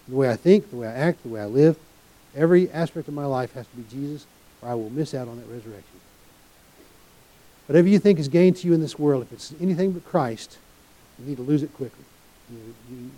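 A man preaching a sermon in an earnest way, with folksy asides, swinging between loud and soft. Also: on the high side, rough recording.

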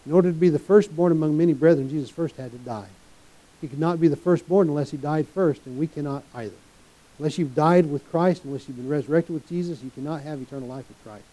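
Guy preaching fast, kinda high voice but really dark and mellow, earnest with folksy bits. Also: poor audio. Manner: earnest preaching with folksy asides, swings loud and soft. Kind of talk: sermon.

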